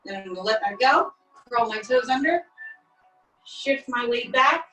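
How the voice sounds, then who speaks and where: Fitness instructor, woman, higher voice, calm step-by-step stretch cues, laptop mic set back in an echoey room with faint music. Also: unhurried, far from the mic. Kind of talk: guided stretching class.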